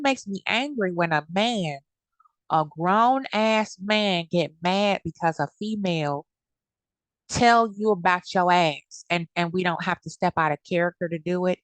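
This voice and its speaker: A woman's voice: on the low side, a little slow, no room sound. A woman giving blunt, heated commentary in a casual vlog, cursing freely. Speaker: commentary vlogger.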